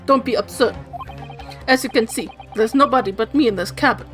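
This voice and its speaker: A woman's voice: on the high side, a little fast, soft background music, natural voice. A woman voicing a grumpy, suspicious old man who speaks curtly and dismissively. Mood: hostile. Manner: curt, gruff, dismissive.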